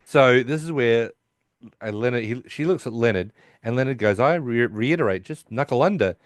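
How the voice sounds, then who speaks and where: Male podcast host, mid-pitch, dry close sound, acts out character lines in a chatty episode recap. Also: animated, moderate pace, no room sound. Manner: retells scenes by acting out the characters' lines. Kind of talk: casual recap of a sitcom episode.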